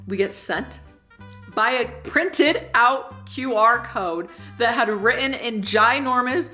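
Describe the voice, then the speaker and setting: A young woman vlogger telling a comedic personal story in an animated way, swearing freely and acting out the people she quotes. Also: on the high side, slow, soft background music. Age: young adult.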